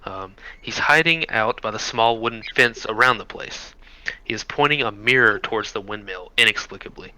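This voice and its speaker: A man's voice: on the low side, normal speed, pushed and bright, clean tone, no room sound, poor audio. A man narrating a tabletop role-playing game as game master, with frequent hesitations. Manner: hesitant with many ums.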